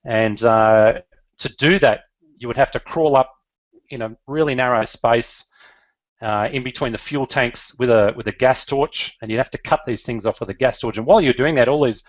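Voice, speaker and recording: A man's voice: medium pitch, normal speed, dry recording, dull audio. A middle-aged Australian man telling his life story in an earnest, emotional way, with fillers and restarts. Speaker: business leader.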